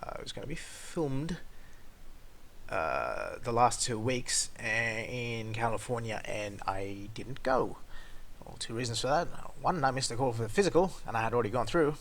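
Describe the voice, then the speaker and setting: A man telling a story as a vlogger, swearing a lot and swinging between loud outbursts and low mutters. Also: lively intonation, normal speed, creaky. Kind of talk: casual storytelling rant.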